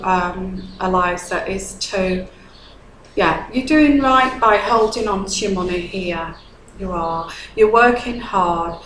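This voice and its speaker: A woman's voice: mid-range voice, echoey room, slight background noise, low-quality recording. A woman giving a tarot reading to a viewer, earnest and consoling, often checking in with "okay?". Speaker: tarot reader.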